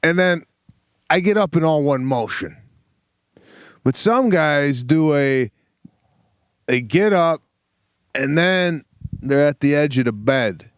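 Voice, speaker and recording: Animated middle-aged man telling stories. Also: on the high side, slow pace, pauses often, clean tone, no room sound, clean studio sound. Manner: animated storytelling, acts out family members. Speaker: podcast co-host, comedian. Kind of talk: casual comedic chat.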